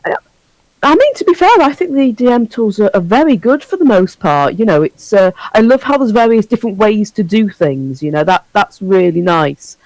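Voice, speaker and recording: A woman's voice: medium pitch, animated, normal speed, a little mellow, dry recording, poor audio. A woman dungeon master calling in for a casual chat, chatty and self-deprecating, acting out little scenes. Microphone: call-in line.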